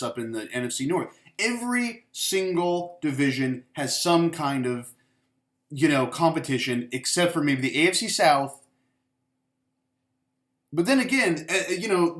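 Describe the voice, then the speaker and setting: A man's voice: fairly high pitch, fairly bright tone. A young man ranting about football in a profane, rambling, emphatic way. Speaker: sports commentator. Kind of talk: ranting vlog commentary. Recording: echoey room.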